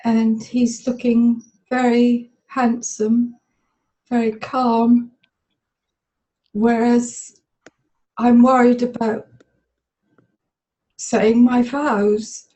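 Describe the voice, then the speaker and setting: Over rough webinar call audio, a woman taking part as a volunteer in a therapy demonstration recounts a memory in the present tense, tearful and emotional, stopping and starting as she speaks. She has a slightly high, warm voice with flat delivery.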